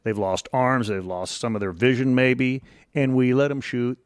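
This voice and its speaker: A middle-aged man, a guest on an interview show, telling rambling stories in a relaxed, casual way and quoting other people as he goes. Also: mid-range voice, moderate pace, clean tone, dry recording, clean studio sound. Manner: relaxed, rambling anecdotes with quoted voices.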